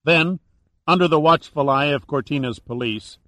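Dry, steady male audiobook narrator. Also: a little high, moderate pace, dry recording.

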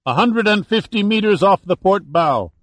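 Man doing a ship lookout, shouting high and loud, urgent, dry close recording. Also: lively intonation, moderate pace, no echo.

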